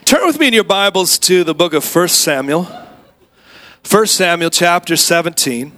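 A man preaching a lively sermon as a guest, telling a story and leading the congregation in call-and-response. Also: high voice, normal speed. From Atlanta area. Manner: storytelling, swinging from quiet asides to loud shouted exclamations. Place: church sanctuary.

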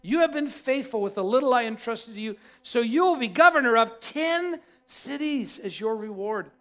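A man's voice: very high-pitched, lively intonation, moderate pace, a bit bright. A man voicing a commanding king who scolds a servant in a parable. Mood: approving. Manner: roaring, scolding.

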